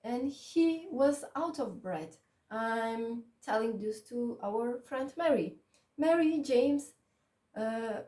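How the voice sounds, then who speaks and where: Woman English teacher, non-native speaker, slow and patient, higher voice, echoey room with the mic at a distance. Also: dark tone. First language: Macedonian. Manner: slow, patient, repeats "okay?" to check understanding; non-native English with small grammar slips. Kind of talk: online grammar lesson.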